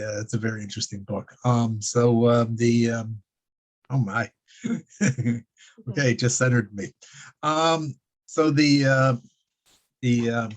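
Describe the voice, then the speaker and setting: Chuckling man teaching a casual class. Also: medium pitch. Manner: rambling, with many fillers, restarts and chuckles. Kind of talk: casual religious lecture.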